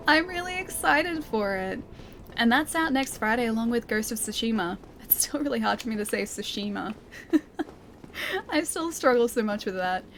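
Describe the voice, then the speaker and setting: A woman's voice: fairly high pitch, fairly bright tone, a little hiss or hum. A woman streaming a game, chatting casually, reading chat aloud and laughing often. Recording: game music behind.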